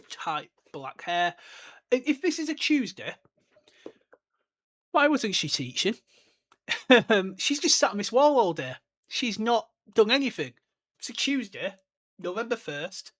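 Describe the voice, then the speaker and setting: A young man hosting a casual podcast, talking in an animated, chatty way and often correcting himself mid-sentence. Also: on the high side. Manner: chatty and animated, with many fillers and self-corrections. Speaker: podcast host. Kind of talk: casual book-discussion podcast.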